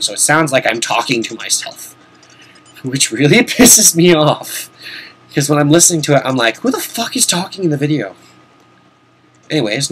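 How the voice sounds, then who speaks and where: Man, game playthrough commentary, rambling and casual, swears now and then, slightly hoarse, faint background noise. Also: medium pitch, a bit bright. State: hoarse, sore voice. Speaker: host. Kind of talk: let's-play game commentary.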